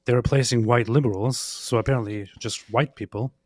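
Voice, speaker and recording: A man's voice: mid-range voice, fairly even intonation, brisk, no room sound. A man co-hosting a casual commentary show, reacting bluntly to a clip. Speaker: co-host.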